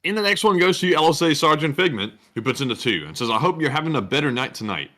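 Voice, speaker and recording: Bright co-host reading viewer messages. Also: male voice, a little high, big pitch swings, fast talker.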